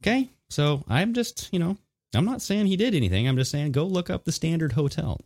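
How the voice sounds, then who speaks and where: A man co-hosting a casual political podcast, talking in an animated, mocking way and laughing often. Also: on the high side, a little fast. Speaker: podcast co-host.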